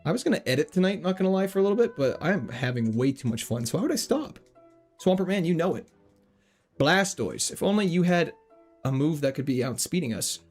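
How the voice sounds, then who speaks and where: A man streaming a video game, chatting casually with his viewers, joking around and reading their messages out loud. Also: fairly high pitch, fairly quick, faint music behind. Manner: jokey, animated, reads chat aloud. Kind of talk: casual livestream commentary.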